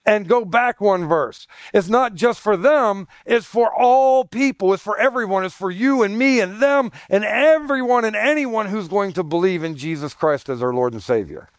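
Middle-aged male pastor, folksy and emphatic; slightly high-pitched, dry and close. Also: normal speed, few pauses, no room sound. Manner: emphatic, repeats points, folksy asides. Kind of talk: conversational sermon.

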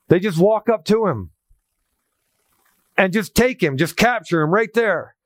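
A man preaching a sermon, emphatic and animated, quoting scripture with a raised voice. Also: sits high, no room sound, clean studio sound. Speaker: pastor.

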